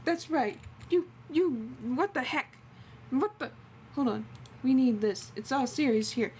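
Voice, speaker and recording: A woman's voice: sits high, measured pace, darkish tone, slight background noise. A woman streaming a game, chatting casually and laughing often and awkwardly. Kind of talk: casual let's-play chat.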